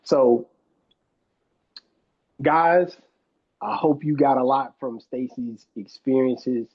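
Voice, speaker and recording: A podcast host talks reflectively in a casual conversation, his mid-range voice slow and husky. The recording has a slightly dull, lo-fi sound.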